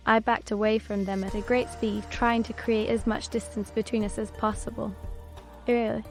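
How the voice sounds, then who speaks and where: Woman narrating in an even, flat tone. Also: medium pitch, moderate pace. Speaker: audiobook narrator. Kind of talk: scripted narration. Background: soft background music.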